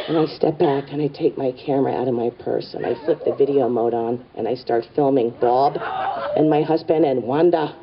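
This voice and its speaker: A woman's voice: a bass voice, a little fast. A middle-aged woman telling a stand-up comedy story in a wry, conspiratorial way, full of asides. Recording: distant, dull live stage recording with audience and noise. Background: audience laughter.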